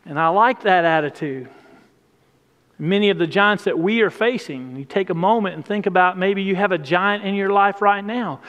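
A man delivers a sermon from the pulpit, his fairly high voice rising on emphatic, repeated phrases. The sound carries the long reverb of a church sanctuary. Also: normal speed, fairly bright tone, lo-fi sound. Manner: emphatic, repetitive preaching cadence. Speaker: pastor.

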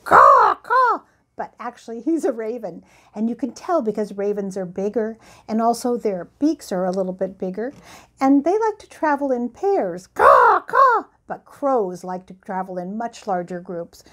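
An older woman hosting a bedtime music show for children, speaking gently and directly to young listeners. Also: fairly high pitch.

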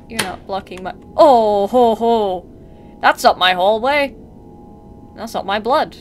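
A woman's voice: fairly high pitch, a bit bright. A woman commenting on a horror game as she plays, chatty and sarcastic, talking back to the mannequins and jumping at scares. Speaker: gameplay streamer.

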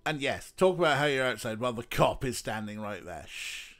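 A man's voice: mid-range voice, lively intonation, fairly quick, a bit bright. A man streaming a game, chatting casually with his viewers and laughing often, with faint game music behind. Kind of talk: casual let's-play commentary.

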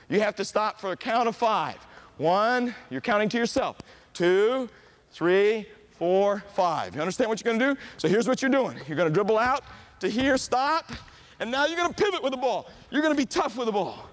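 A middle-aged man coaching a youth basketball clinic in a gym, calling out short, brisk commands to the players. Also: high voice. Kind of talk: coaching drills on court.

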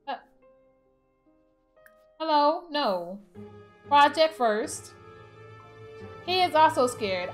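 A woman giving casual let's-play commentary, chatty and excitable, talking to her game characters as she plays. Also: fairly high pitch. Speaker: gaming channel host.

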